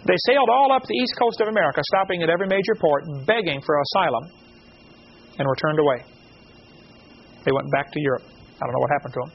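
A man giving an animated lecture to a live audience, asking the room rhetorical questions. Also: high-pitched, fast talker. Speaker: creationist lecturer. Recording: dull lo-fi recording with faint noise.

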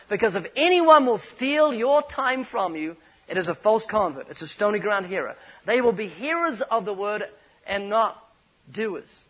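Kiwi guy preaching, high voice, tells stories and hammers his point, sounds kinda muffled. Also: slightly rough. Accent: New Zealand. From New Zealand. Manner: storytelling, emphatic, punchy repetition. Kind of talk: sermon. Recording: dull muffled recording.

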